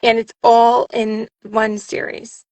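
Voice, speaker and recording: A woman voice actress chatting in an interview, talking fast and rambling, with many restarts. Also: on the high side, little pitch movement, a little mellow, no room sound. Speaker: voice actress and audiobook narrator, guest. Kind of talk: casual interview chat.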